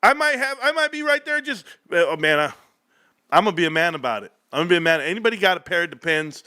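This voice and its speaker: Fired up guy ranting about stocks on his stream, high-ish bright voice, dry sound. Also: quick pace, dry recording. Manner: excitable, joking, rambling. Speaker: stock market stream host. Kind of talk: casual livestream rant.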